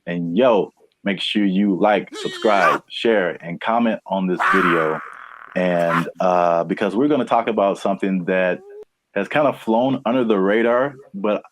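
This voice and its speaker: A man's voice: low-pitched, unhurried. A man from California co-hosting a casual podcast, playful and rambling, laughing often. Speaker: podcast co-host.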